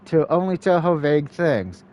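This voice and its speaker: An earnest young female assassin begging to be forgiven, played by a man reading a game aloud. The voice is pitched a little higher than his own and comes out urgent and pleading. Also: sing-song, moderate pace, dull audio.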